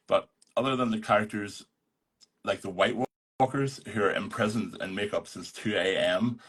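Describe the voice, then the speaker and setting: A man with a husky, somewhat low voice, reading and chatting in a wry, blunt, self-mocking way. He sounds relaxed and unbothered. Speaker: host of an online live chat. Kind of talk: casual live chat and reading aloud.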